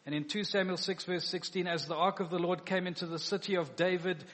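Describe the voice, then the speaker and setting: Male preacher, sermon, fairly high voice, theatrical, long hall echo. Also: fairly quick. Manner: animated, acts out biblical dialogue.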